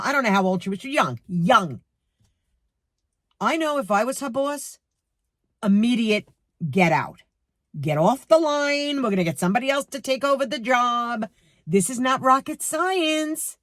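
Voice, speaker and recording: A woman's voice: mid-range voice, dry recording, clean studio sound. A woman in her sixties with a New York accent, ranting to camera in her garage about a rude cashier. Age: 60s. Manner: indignant, animated, acts out quotes. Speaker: vlogger. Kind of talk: storytime rant to camera.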